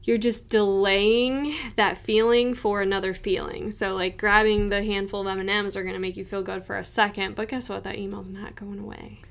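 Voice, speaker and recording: A woman co-hosting a nutrition podcast, explaining ideas in a calm, measured way. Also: mid-range voice, creaky. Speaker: podcast co-host. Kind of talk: casual podcast chat.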